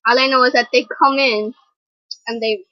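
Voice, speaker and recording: Excited young woman gushing over a video. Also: fairly high pitch, normal speed, no room sound, dull audio. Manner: gushing, fangirling exclamations. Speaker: reaction video host. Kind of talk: excited reaction commentary. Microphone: computer mic.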